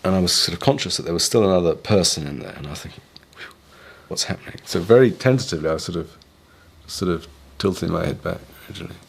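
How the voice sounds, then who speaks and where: A man's voice: deep voice, very fast, gravelly, slightly rough. An English man recalling captivity in an interview, speaking in a hesitant, tentative way. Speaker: former hostage interviewee. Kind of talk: reflective interview recollection.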